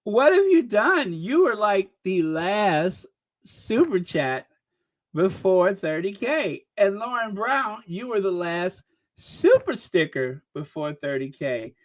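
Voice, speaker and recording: Animated woman hosting a live chat. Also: mid-range voice, slow. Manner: animated, laughing, exclaiming. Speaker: livestream host reading super chats. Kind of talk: casual live-stream chat.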